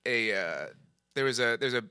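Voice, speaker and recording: Bright-voiced young man joking crudely. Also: mid-range voice, animated, normal speed, clear, resonant tone, no echo, studio quality. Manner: joking, laughs often, stumbles and repeats words. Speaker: podcast co-host. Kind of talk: crude casual banter.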